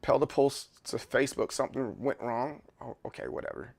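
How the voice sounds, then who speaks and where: A man's voice: mid-range voice, big pitch swings, fairly quick, creaky, darkish tone. A man streaming live in casual chat, rambling and joking, often repeating words. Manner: joking, playful.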